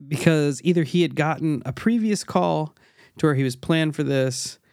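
A man's voice: fairly high pitch, normal speed, creaky, darkish tone, dry recording. Man, podcast co-host, casual analytical chat, dry close sound. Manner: analytical, pointing out details, with restarts.

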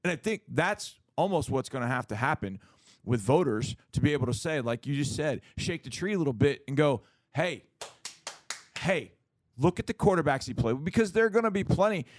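A middle-aged man co-hosting a sports talk show, making his case in a lively, casual way, often acting out what others would say. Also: a little high, quick pace, dry recording. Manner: animated, acts out quoted voices, repeats words.

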